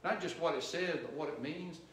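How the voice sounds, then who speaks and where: A male missionary preacher delivering a sermon, quizzing the congregation with questions and growing loud and emphatic at his peaks. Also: a little high, a little fast, a little hiss or hum. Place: church sanctuary. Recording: roomy church echo, distant mic.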